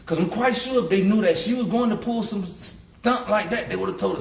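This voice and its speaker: A man's voice: high-pitched, moderate pace, gravelly, recorded from a distance. A man speaking as a victim's father in court, blunt, emotional and colloquial. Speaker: victim's father giving an impact statement. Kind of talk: courtroom victim impact statement. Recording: roomy courtroom, mic from afar, faint hiss.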